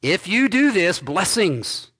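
Pastor guy preaching, slightly high voice, punches key words then drops soft. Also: very animated, slow, breathy edge. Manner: emphatic preaching, swinging between loud stresses and dropped soft endings; reads scripture aloud and comments on it. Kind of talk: expository sermon.

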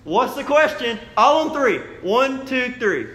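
A male pastor delivering a sermon in a church, with a notably high-pitched voice. He talks straight to the congregation, lively and playful, jumping up into raised voices to act out questions. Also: a little slow. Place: church sanctuary.

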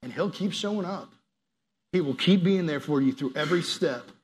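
A man preaching a sermon as a youth pastor, animated, acting out quoted prayers and dropping to soft, earnest appeals. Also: on the high side, moderate pace.

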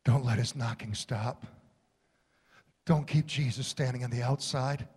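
A man preaching a sermon with impassioned delivery, building to shouts and dropping to quiet, low lines. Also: fairly even intonation, measured pace, husky, big-room sound.

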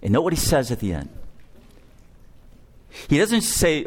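Casting: male pastor preaching slowly and deliberately, with emphatic stress on key words. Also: fairly high pitch, wildly swooping pitch, breathy edge. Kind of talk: sermon.

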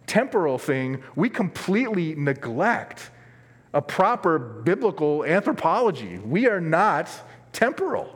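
A man preaching a sermon as pastor, earnest and emphatic, dropping from strong stress to quiet asides. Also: on the high side. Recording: long reverb of a large hall.

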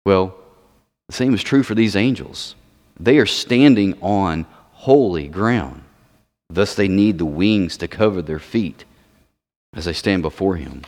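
A man's voice: deep voice, a little mellow. A man preaching a sermon, emphatic, repeating words for stress. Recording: long reverb of a large hall.

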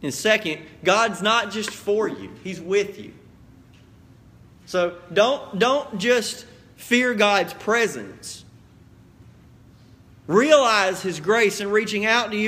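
A man preaching as the pastor of a church, earnest and direct, dropping quiet then building to emphatic appeals. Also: high voice, slow, pauses often. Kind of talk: sermon. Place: church sanctuary.

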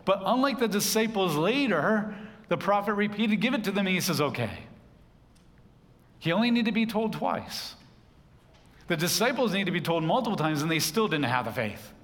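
Preacher, male, easygoing teaching tone with asides, fairly high voice, sanctuary reverb. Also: animated, fairly quick. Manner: conversational Bible teaching with asides. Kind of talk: sermon.

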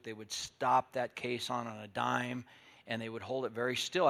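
An older man preaching a sermon as pastor, telling stories, moving from quiet asides to loud emphatic points. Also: mid-range voice, gravelly.

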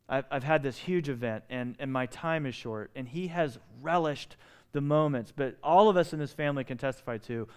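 A man's voice: fairly high pitch, clear, resonant tone. A middle-aged male pastor delivering a sermon, pleading and impassioned, with many rhetorical questions.

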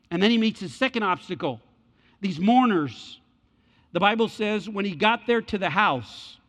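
High-voiced animated preacher in echoey hall. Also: male voice. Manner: animated, repetitive, colloquial preaching. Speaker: pastor. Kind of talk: sermon. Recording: reverberant hall, dull lo-fi.

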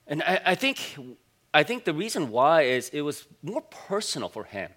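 A pastor in his forties preaching a sermon in a church, in a relaxed, conversational storytelling way with plenty of "uh" and "you know" fillers. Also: a little high, moderate pace. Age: 40s.

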